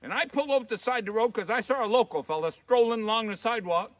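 A middle-aged humorist from Maine tells folksy comic stories outdoors in snowy woods, his high-pitched voice racing. He drawls in a down-home way and leans into voices for his characters.

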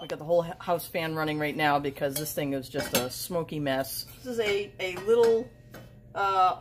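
Excitable low-voiced woman. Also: a little hiss or hum, poor audio. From United States. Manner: chatty, excitable, lots of exclamations. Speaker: home and garden vlog host. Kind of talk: casual vlog chat while cooking. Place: home kitchen.

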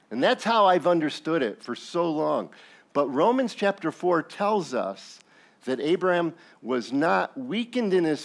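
A male pastor preaching a sermon, telling the story with jokes and acted asides. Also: a little high.

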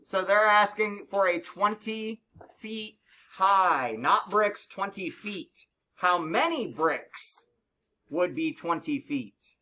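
A man teaching middle school math to a classroom of students, brisk and joking as he encourages them to work together. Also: sits high, animated, pushed and bright.

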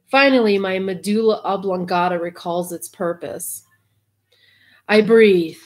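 A woman giving an intimate reading aloud, soft and half-whispered, breaking off for wry, cursing asides. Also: mid-range voice, a little slow. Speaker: reader and commentator.

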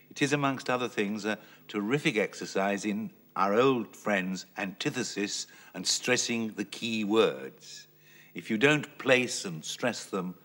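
A man's voice: on the low side, a bit bright. A middle-aged man with a precise, persistent way of explaining, leading an acting masterclass. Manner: precise, persistent, insists on his point. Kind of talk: explanatory, probing coaching.

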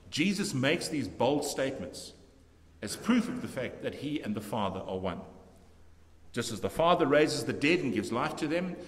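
Man, pastor, emphatic sermon, animated intonation, echoing church sanctuary. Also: mid-range voice. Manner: measured, emphatic preaching with restarts. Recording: long church reverb.

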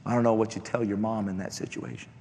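A man's voice: lowish voice, fairly even intonation, quick pace, vocal fry. Impassioned preacher man in an echoey hall. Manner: impassioned, rising to shouted exhortation. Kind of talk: sermon with personal testimony. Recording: echoey hall, faint background noise.

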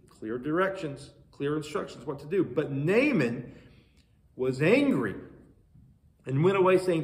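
A man preaching a sermon, reading scripture and retelling it in a conversational, animated way with questions to the listeners. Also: fairly high pitch, moderate pace, reverberant. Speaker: pastor.

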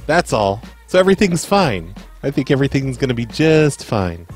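A man's voice: mid-range voice, very animated, normal speed, soft background music. A man hosting a prank call show, rambling in a casual, self-mocking and profane way. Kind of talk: casual comedic monologue.

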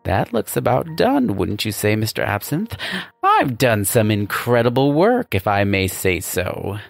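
A man voicing a pompous, self-praising male demon boss who talks down to his nephew in a grand, drawn-out way. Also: fairly low pitch, big pitch swings, creaky, dry recording, soft background music, exaggerated voice.

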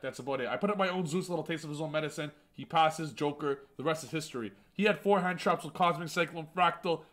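A man's voice: on the high side, fairly bright tone. A man hosting a gaming channel, giving hyped, boastful replay commentary of card game matches, full of trash talk and self-mocking jokes.

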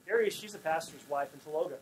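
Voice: mid-range voice, fast talker, slight background noise, poor audio. A pastor preaching a sermon in a folksy, storytelling way, acting out the scenes in dialogue. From Oklahoma.

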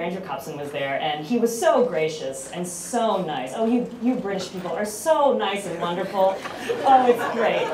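An American woman speaking on a conference panel, loud and chatty with self-mocking humor. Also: lowish voice, slight background noise. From United States. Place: conference hall. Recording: roomy hall from far off.

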